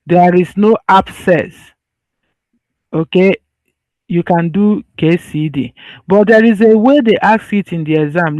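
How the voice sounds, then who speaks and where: A man presents medical material on slides in a high, somewhat mellow voice, recorded without echo. He talks in a relaxed, conversational way, restarting phrases and restating his points so they stick.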